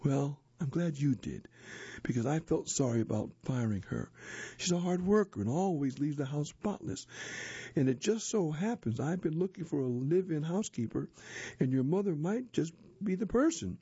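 A man voicing a kind, gentle wealthy woman who speaks softly, in a read-aloud story. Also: fairly high pitch, lively intonation, moderate pace, husky, dry recording, highs cut off. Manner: gentle, soft-spoken.

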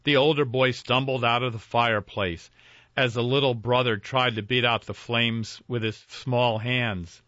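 A man narrating a folk ghost story in a measured, dramatic reading. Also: medium pitch, fairly even intonation, sharp tone, no room sound. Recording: dry, dull lo-fi with faint music.

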